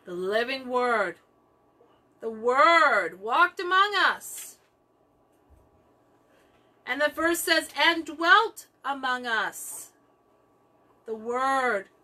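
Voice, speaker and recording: Woman teaching bible study, slow and emphatic, high pitched, keeps repeating herself. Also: lively intonation, sharp tone. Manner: emphatic, repeats key phrases.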